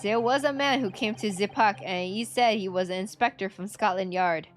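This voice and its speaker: A woman's voice: medium pitch, moderate pace, soft background music, close to an everyday voice. A woman voicing a curt, bossy male gang boss who speaks dismissively.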